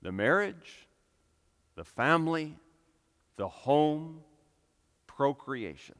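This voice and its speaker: Emphatic preacher in a reverberant hall. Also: male voice, a little high, very animated, takes it slowly. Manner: emphatic, rising to loud impassioned peaks. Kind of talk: sermon.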